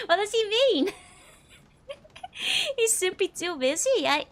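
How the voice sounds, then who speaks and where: Giggly high-voiced woman streamer. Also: big pitch swings, slow, fairly bright tone. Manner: giggly, laughs often, chatty. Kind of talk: casual let's-play commentary.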